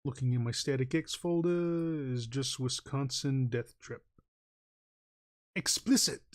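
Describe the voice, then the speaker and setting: A man's voice: mid-range voice, measured pace, a little mellow. A man streaming while he draws, chatting casually and rambling between many fillers, chuckling often. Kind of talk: casual livestream chat while drawing.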